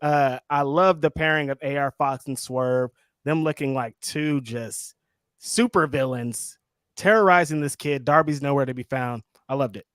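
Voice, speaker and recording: A man co-hosting a casual wrestling recap, telling the story with animated energy and acting out quotes. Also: normal speed, smooth, no room sound, studio quality. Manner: animated storyteller, acts out quotes in high voices. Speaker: co-host.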